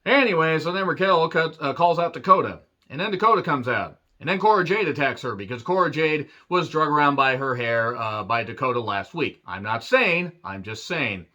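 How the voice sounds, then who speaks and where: A man's voice: fairly high pitch, animated, moderate pace, hardly any pauses, sharp tone, muffled recording. A man reviewing a wrestling show in a profane, sarcastic rant. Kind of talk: ranting review vlog.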